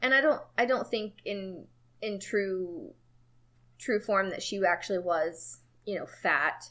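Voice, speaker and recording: A woman's voice: medium pitch, slow pace. Chatty woman co-hosting a book talk. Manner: chatty, animated, swears freely. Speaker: podcast co-host. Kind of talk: casual book-and-film chat.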